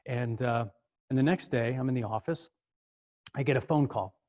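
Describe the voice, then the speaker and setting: A middle-aged man tells a story in a lively way, repeating words as he goes. His pitch sits at an ordinary middle height for a man. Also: normal speed. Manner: animated, acts out the other voices, repeats words as he goes. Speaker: speaker. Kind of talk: storytelling talk.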